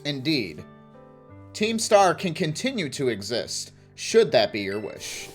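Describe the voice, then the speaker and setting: A man's voice: a little high, sing-song, slow pace, faint music behind. A man voicing a formal, old-fashioned male school director while reading game dialogue aloud.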